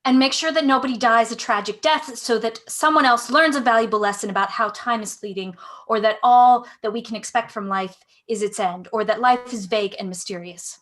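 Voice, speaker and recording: A woman's voice: a little high, fairly quick, fairly bright tone, close to an everyday voice. A woman reading a wry, demanding woman. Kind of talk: live play reading.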